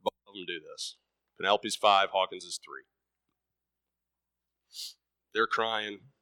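A man in his thirties preaching a sermon, emphatic, repeating words and swinging between loud bursts and soft murmurs. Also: low-pitched, normal speed, no room sound, clean studio sound.

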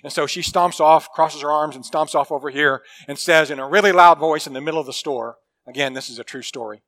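A male preacher delivers a sermon in a high-pitched, bright voice. He talks earnestly and with emphasis, leaning on key phrases. He often sinks into quiet, intimate tones. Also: a little fast. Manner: earnest, emphatic preaching with dramatic drops to a hush; acts out quoted people in a story.

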